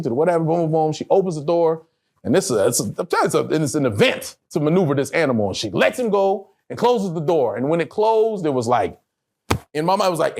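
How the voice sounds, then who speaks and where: Middle-aged man, interview guest, lively swooping intonation, slightly high voice, blunt profane storytelling. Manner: animated, profane, emotional storyteller who acts out voices.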